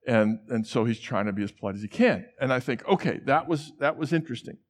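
A man's voice: medium pitch, animated, fast. A middle-aged man from the central United States preaching a sermon in a large church, telling personal stories in a conversational way and acting out the voices he quotes.

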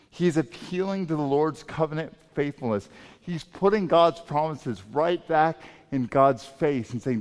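A man preaching a sermon as pastor, emphatic and swinging between loud and soft delivery. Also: a little high, a little slow, smooth. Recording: long reverb of a large hall.

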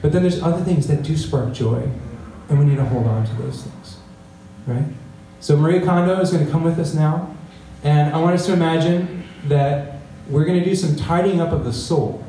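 A man's voice: on the high side, moderate pace, dark tone, a little hiss or hum. A man delivering a conversational sermon as a pastor, often checking in with the congregation by asking "right?". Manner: conversational preaching with frequent "right?" asides. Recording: echoey room, voice from a distance.

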